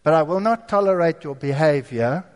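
A strict male headmaster scolds a pupil in a high, sharp voice, as a man puts him on. The voice rings out with a long hall echo. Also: animated, moderate pace, natural voice. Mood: firm. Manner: stern, scolding. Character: stern male school headmaster.

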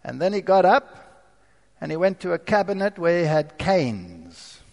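A man giving his testimony as a sermon, telling stories in an animated way and putting rhetorical questions to the audience. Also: high-pitched, measured pace, vocal fry, long reverb tail. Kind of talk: storytelling sermon.

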